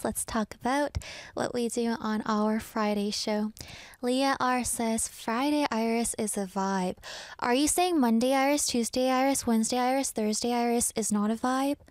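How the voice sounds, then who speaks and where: A woman DJ on air in a studio, teasing her listeners and chatting freely. She is out of breath, with a fairly high voice picked up dry and close on the studio mic. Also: darkish tone, dry recording. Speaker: radio DJ. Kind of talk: casual radio chat. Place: radio studio.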